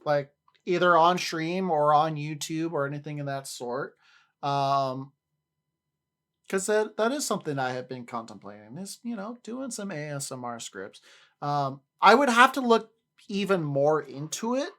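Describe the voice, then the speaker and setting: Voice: medium pitch, lively intonation, a little slow, a bit bright. A livestreamer in casual chat with viewers, rambling, often repeating and restarting words, and laughing easily.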